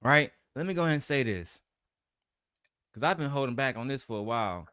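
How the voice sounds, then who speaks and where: A man telling a rough personal story in a casual, profane rant, animated and full of streetwise slang. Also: medium pitch, brisk, dry recording, studio quality.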